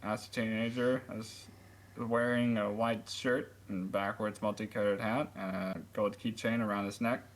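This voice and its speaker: A man's voice: lowish voice, level tone, normal speed, low-quality recording. Man reading a story aloud, laughing. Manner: laughing often, stumbling over lines. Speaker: reader of a friend's story. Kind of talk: comic read-aloud with put-on character voices.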